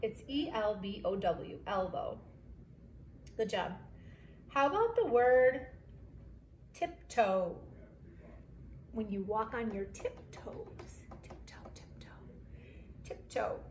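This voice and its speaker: A second grade teacher gives a remote phonics lesson to young children, speaking slowly, clearly, and encouragingly while spelling words letter by letter. Her medium-pitched, slightly mellow voice swings widely in pitch. The recording has an echoey room and faint background hiss.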